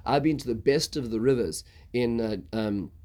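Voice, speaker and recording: A man's voice: medium pitch, moderate pace, dark tone, lightly acted. A man retelling a proud foreign army commander. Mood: indignant. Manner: retold in a plain speaking voice.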